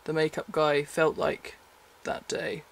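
A man with a slightly high voice chats casually to camera from his bed. He rambles and pokes fun at himself, often breaking into a giggle. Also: monotone, slow, gravelly. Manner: rambling, self-deprecating, giggly. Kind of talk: casual vlog chat. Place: bedroom, in bed at night.

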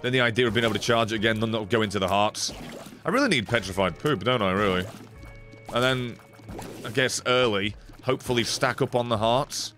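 A British man streaming a game live, swearing freely, excitable, and effusively thanking his viewers. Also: mid-range voice, a little fast, faint music behind. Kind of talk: live gaming stream commentary.

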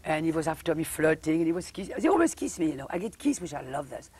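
A woman's voice: low-pitched, fast talker, a little mellow, slightly rough. Theatrical older French-accented woman. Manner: theatrical, flirtatious, calls people darling. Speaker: interview guest, former film actress. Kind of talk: casual talk-show chat.

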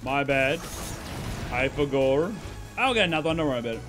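A young man streaming a video game, chatting casually and excitably, swearing and laughing as he plays. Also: medium pitch, fairly quick, music in the background. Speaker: gaming streamer. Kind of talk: live gameplay commentary.

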